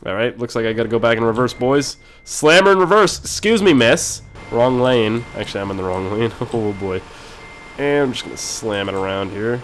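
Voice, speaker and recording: A man hosting a casual let's-play video while sick, clearing his throat often, excitable and quick to yell and swear when things go wrong. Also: lowish voice, a little hiss or hum. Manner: excitable, swears and yells at mishaps. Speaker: gaming video host.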